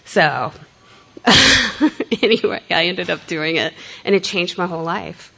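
A woman's voice: on the low side, measured pace, creaky, fairly bright tone. A middle-aged woman telling her recovery story candidly, blunt and self-mocking, swearing freely and acting out dialogue. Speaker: speaker sharing a recovery story.

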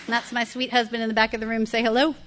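A middle-aged woman speaking to a meeting room audience, giving a candid, conversational personal testimony about recovery, with soft laughs and repeated phrases. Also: on the high side, little pitch movement, racing, heavy background noise. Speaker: speaker sharing her recovery story.

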